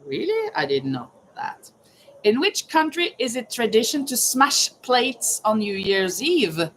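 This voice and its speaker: Slow, chatty woman hosting a quiz. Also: fairly high pitch, very animated, a little hiss or hum, low-quality recording. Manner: chatty, reads questions aloud and greets viewers by name. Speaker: livestream host running a trivia quiz. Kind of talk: casual live chat while crocheting.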